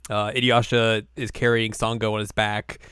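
Casual co-host, male, smooth and resonant, dry close sound, jokey recap delivery. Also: lowish voice, flat delivery, a bit bright, no echo. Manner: laid-back, joking, acts out characters in quick asides. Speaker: podcast co-host. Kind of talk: casual anime recap chat.

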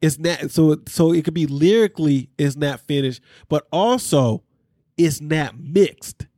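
Male podcast host, casual recap chat, higher voice, dry close sound. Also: a little slow, dry recording. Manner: animated, candid, slangy with asides to listeners.

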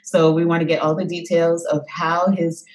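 A woman hosting a podcast, lively and teasing in casual interview chat. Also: on the low side, normal speed, poor audio. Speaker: podcast host.

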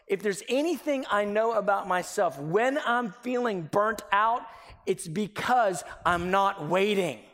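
Male pastor, sermon delivery, higher-pitched, animated storyteller who whispers for emphasis; long hall reverb. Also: unhurried. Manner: animated, acts out everyday dialogue in little scenes; drops to a near whisper for emphasis.

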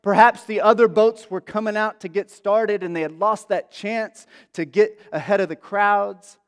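A pastor gives a casual, conversational sermon, chatty and packed with asides and fillers. His voice is high and smooth, with fairly even intonation and a moderate pace, and the long reverb of a large hall surrounds it.

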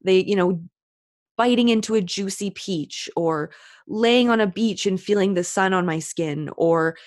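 A woman's voice: mid-range voice, a little slow. Woman guest, casual chat, emphatic and enthusiastic, savors her words. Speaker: podcast guest.

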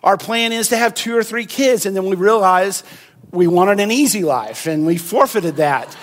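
Man, pastor, sermon, animated conversational preaching, high-pitched voice. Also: moderate pace.

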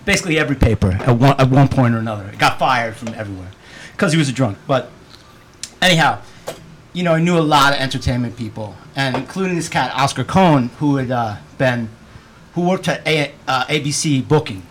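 A man telling stories as a guest in casual, profane, animated chat. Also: mid-range voice, brisk, slight background noise.

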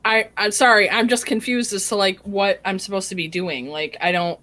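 A woman's voice: medium pitch, fairly even intonation, moderate pace, pushed and bright. A woman playing in a tabletop game, asking lots of questions and sounding unsure. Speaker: player. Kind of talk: casual tabletop play.

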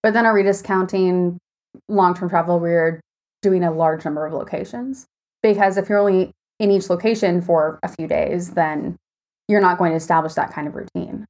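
A woman's voice: fairly low pitch, steady tone, normal speed, a little mellow. A woman hosting a casual podcast chat, asking questions, laughing easily and recording from a hotel room. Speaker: podcast host.

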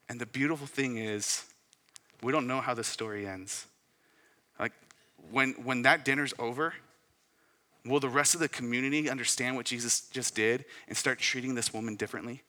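A young man preaching a sermon as pastor, rising to loud emphatic peaks and dropping to soft hushed asides. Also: medium pitch, moderate pace, big-room sound.

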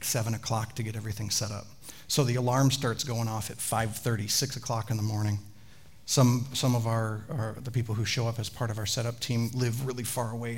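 This man is a pastor delivering a sermon, with lively storytelling and conversational remarks to the congregation. He has a mid-range, creaky voice.

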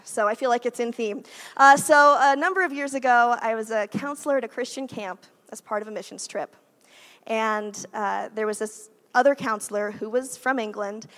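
A woman's voice: fairly high pitch, fairly bright tone. A woman in her thirties, a guest preacher giving a conversational sermon in a church, with frequent "like" and "right?" asides. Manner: chatty, uses "like" and "right?" often.

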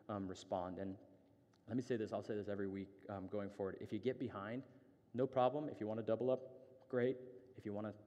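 A man's voice: lowish voice, mellow, in a large hall. A man, a pastor, giving a conversational sermon with many fillers and asides. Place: church hall.

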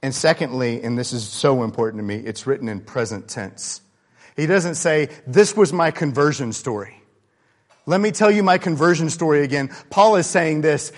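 A man preaching a sermon in a conversational, candid way, swinging between loud emphasis and quiet asides. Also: fairly high pitch, normal speed. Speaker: pastor.

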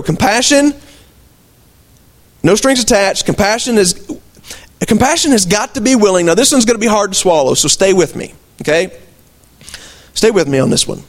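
A man preaching a sermon as pastor of his church, folksy asides and rhetorical questions to the congregation. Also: high-pitched. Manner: conversational preaching, rhetorical questions, emphatic swings.

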